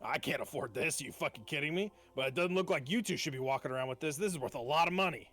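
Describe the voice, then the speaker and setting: A man's voice: on the high side, quick pace, fairly bright tone. A man voicing a muscular older male smith who talks bluntly, swears, and pushes people to speak up. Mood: gruff.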